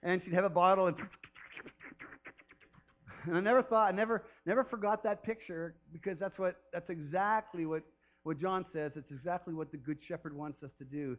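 A man's voice: high voice, normal speed, phone-quality sound. A man preaching a sermon off the cuff as a pastor, chatty and rambling, who often laughs and throws in playful calls.

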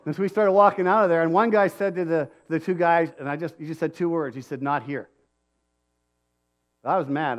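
A middle-aged man preaching a sermon, telling a personal story in a conversational way that swings from quiet asides to loud emphatic peaks. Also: on the high side. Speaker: pastor.

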